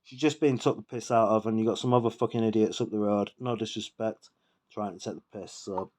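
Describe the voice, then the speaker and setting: A man's voice: on the low side, fairly even intonation, fairly quick, darkish tone. A man, a bit tipsy from drinking, ranting in a rambling, sweary, indignant monologue for his vlog. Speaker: vlogger.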